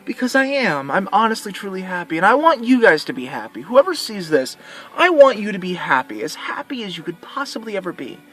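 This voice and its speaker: A man's voice: sits high, very animated, fairly quick, a bit bright. A man talking earnestly in a heartfelt personal vlog, rambling, with frequent restarts. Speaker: vlogger.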